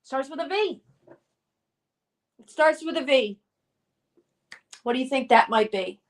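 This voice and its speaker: High-voiced woman hosting a slow live stream. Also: animated, distant mic. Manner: reads viewer comments aloud, cheerful and encouraging.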